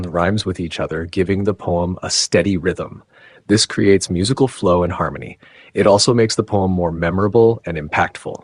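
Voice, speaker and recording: A man's voice: low voice, slightly rough, no room sound. A man teaching an English exam lesson, reading out word lists and explanations and giving Urdu translations. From Pakistan. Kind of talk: exam-prep lesson narration.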